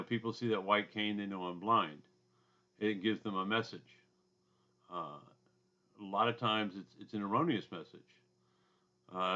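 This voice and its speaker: A man with a loud booming voice and a drawl, giving a casual recorded lecture from his home basement, with asides and throat clearing. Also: highs cut off. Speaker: instructor.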